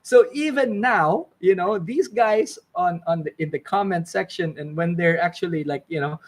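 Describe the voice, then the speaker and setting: A man with a high voice tells a casual, rambling story. He swears freely and fills his talk with "like" and "you know.". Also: normal speed. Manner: rambling, swearing, many fillers. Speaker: fishing channel host.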